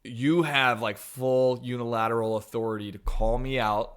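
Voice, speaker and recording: A man with a bright, forceful tone talks as a guest on a casual podcast. He tells personal stories in a relaxed way. His voice sits at a middle pitch. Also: normal speed, smooth.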